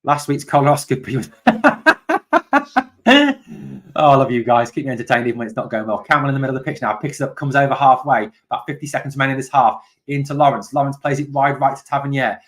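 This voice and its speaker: A man hosts a live watch-along of a football match, calling each pass and tackle as it happens. He chats casually with viewers about their comments between plays. When his side lets him down, he shouts at them in exasperation. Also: medium pitch, steady tone, very fast, hardly any pauses. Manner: chatty, reads out and answers viewer comments. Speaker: fan channel host.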